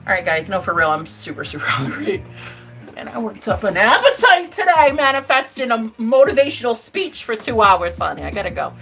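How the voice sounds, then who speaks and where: Bubbly, animated woman livestream host. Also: a little high, a little fast, faint music behind. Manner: effusive, bubbly, calls viewers babe and honey; chanting affirmations. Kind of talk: casual livestream chat.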